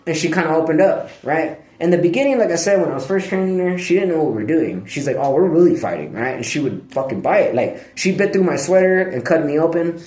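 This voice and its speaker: A man talks straight to camera in a loose, digressive monologue, full of slang and swearing. His voice sits a little high for a man. The sound bounces around a bare, echoey room. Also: expressive, fast talker, few pauses, darkish tone. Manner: profane, slangy, digressive, breaks off to scold his dog. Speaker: vlogger. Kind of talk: rambling casual monologue.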